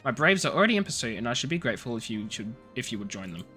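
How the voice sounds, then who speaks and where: A man voicing a dry-witted mercenary officer in a game, wry and formal. His voice is bright and lively in pitch, with faint game music behind. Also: very fast.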